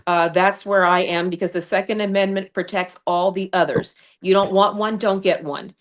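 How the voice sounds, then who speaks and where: A woman's voice: mid-range voice, steady tone, normal speed. A woman running for Congress, a guest on a livestream, telling her story in a fiery, combative way. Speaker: congressional candidate. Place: home studio over streaming video call. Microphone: remote streaming mic.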